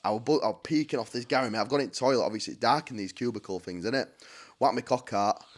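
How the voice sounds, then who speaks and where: A man's voice: mid-range voice, fast talker. A young man, telling stories as a podcast guest in a blunt, sweary, chatty way. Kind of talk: casual storytelling.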